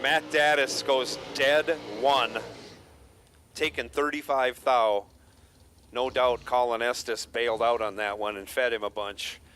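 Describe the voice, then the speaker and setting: A man doing steady play-by-play of drag races, reading names, lanes and dial-ins with dry jokes. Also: medium pitch, takes it slowly, a little hiss or hum. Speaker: drag racing co-announcer. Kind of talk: live race commentary.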